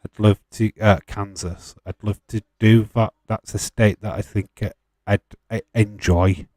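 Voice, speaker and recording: A man's voice: fairly low pitch, steady tone, unhurried, darkish tone, no echo. A man hosting a live watch-along stream, chatting casually, answering viewer questions with frequent laughs and the odd swear.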